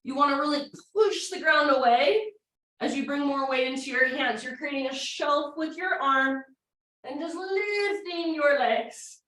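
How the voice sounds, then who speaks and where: A woman's voice: high-pitched, a little slow, pushed and bright. Woman yoga instructor, breezy instruction, a bit out of breath, in a very echoey space. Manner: casual, encouraging cues while demonstrating poses. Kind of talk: guided yoga class instruction. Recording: echoey room, mic at a distance.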